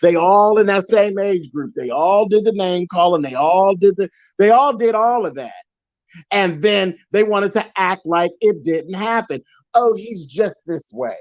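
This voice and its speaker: Blunt, high-voiced man on muffled call. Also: measured pace, dry recording. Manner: blunt, emphatic, repeats for force. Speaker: panel guest. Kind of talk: casual panel chat.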